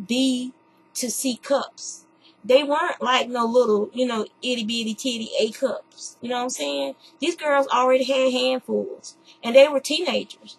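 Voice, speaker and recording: A woman podcast host telling a candid personal story in a chatty, animated way. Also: a little high, vocal fry, breathy edge, rough recording. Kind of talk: casual storytelling monologue.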